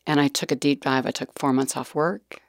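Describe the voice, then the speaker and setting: Middle-aged woman guest, candid storyteller, fry-heavy voice, dry recording. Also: extremely low pitch, fairly even intonation, moderate pace, no room sound. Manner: earnest, dropping to whispered asides. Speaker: nurse educator guest.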